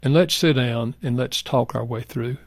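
Homme âgé, récit sincère et posé. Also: male voice, mid-range voice, normal speed, breathy edge, no room sound, studio quality. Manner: earnest, soft-spoken, reflective. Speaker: guest. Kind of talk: heartfelt personal storytelling.

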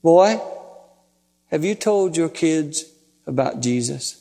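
A man's voice: fairly high pitch, expressive, slow, vocal fry, mellow, pitched below the performer's own voice, full character voice. A man voicing an earnest, tender grandfather in his eighties who keeps calling his grandson "boy". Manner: calls everyone "boy", insistent. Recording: long hall reverb.

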